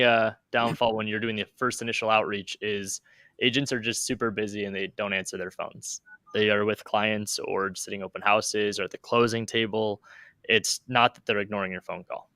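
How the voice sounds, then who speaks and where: A young man with a bright, forward voice gives confident, emphatic coaching on calling agents. His delivery is quick and punchy, and the sound is close and dry, with no room around it. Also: lowish voice, smooth, no room sound. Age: 20s. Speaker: real estate agent and show host. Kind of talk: casual coaching talk on a livestream.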